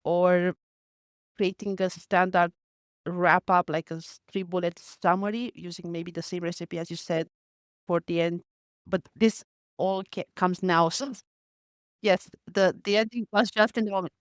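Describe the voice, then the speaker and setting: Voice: medium pitch, steady tone, unhurried, clean tone, dry recording, studio quality. A podcast host talking with a coach, answering in a thoughtful, slightly hesitant way and correcting themself mid-phrase. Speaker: podcast host receiving advice. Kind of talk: casual interview reply.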